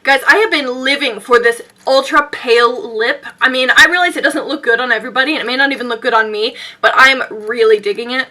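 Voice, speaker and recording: A woman's voice: high-pitched, brisk, hardly any pauses, bright, forceful tone. A young woman chatting through a makeup tutorial, rambling and self-mocking as she talks to her viewers. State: sweaty and out of breath. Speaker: beauty vlogger.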